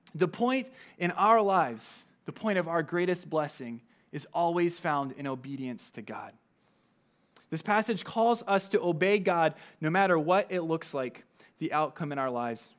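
A man with a fairly high voice preaches a sermon. He keeps it conversational and talks straight to the congregation, often breaking off for asides. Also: fairly bright tone. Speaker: pastor.

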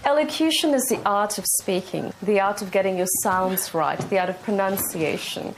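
A woman's voice: medium pitch, moderate pace, noisy background. A woman teaching pronunciation in a precise, instructive manner. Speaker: hotel staff teacher. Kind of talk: teaching a lesson.

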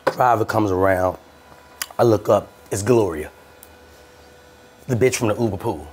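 Animated storytelling man. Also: fairly low pitch, measured pace, breathy edge. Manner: animated, profane, swaps between voices. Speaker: podcast host. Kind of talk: comedic storytelling.

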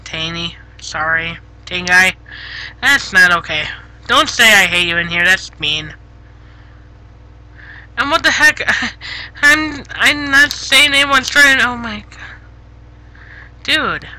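A woman streaming live on a headset, chatting casually with viewers, giggly and easily flustered, gently scolding chat when it gets rude. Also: fairly high pitch, lively intonation, takes it slowly, pauses often, rough recording. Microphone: gaming headset.

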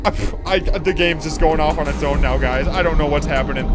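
Young let's play host, excitable and shrieking, over clear game music. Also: mid-range voice, brisk, hardly any pauses, a crowd in the background. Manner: excitable, bursts into shrieks and laughter. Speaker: gaming video host.

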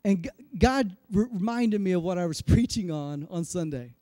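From the pulpit, a man in his forties with an unusually high male voice delivers an animated, self-deprecating story from his own life as part of his sermon. He talks at normal speed, recorded close and dry with hardly any reverb.

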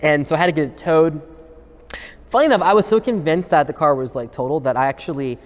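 A man's voice: on the high side, fast talker. Casual man in a reverberant room. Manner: relaxed, uses fillers like "um" and "like". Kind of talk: casual storytelling. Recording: long reverb.

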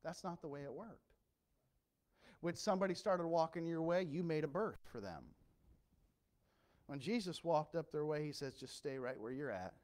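A male pastor preaching a sermon with impassioned swings from quiet storytelling to loud emphasis. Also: a little high, lively intonation, moderate pace, pauses often.

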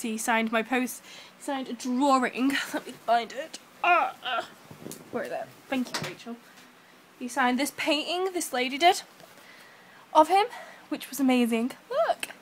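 A young woman, gushing excitedly to camera in a casual vlog, full of fillers. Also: fairly high pitch, slight background noise. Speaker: vlogger.

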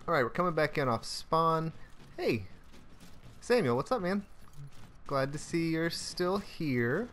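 A man's voice: fairly high pitch, lively intonation, slow pace, background noise. A young man hosting his own channel, giving playful, joking commentary over his gameplay and now and then singing a silly made-up song. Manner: joking, playful, sings improvised silly songs. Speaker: gaming channel host.

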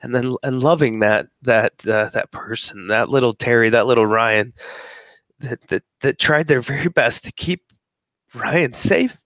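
A man hosting an interview, emotional and near tears, reflecting haltingly with many fillers. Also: medium pitch, a bit bright, no echo, dull audio. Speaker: host. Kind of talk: casual interview chat.

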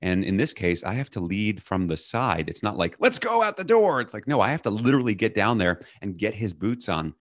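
A middle-aged man, a leadership coach, telling a personal story as a podcast guest and loudly acting out the orders he quotes. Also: lowish voice, brisk, few pauses, no room sound, studio quality. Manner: animated, acts out quoted commands loudly.

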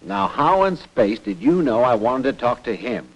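An actor voicing a gruff, commanding male colonel who heads a space organization in a 1960s cartoon, giving brusque orders. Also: medium pitch, very animated, moderate pace, poor audio.

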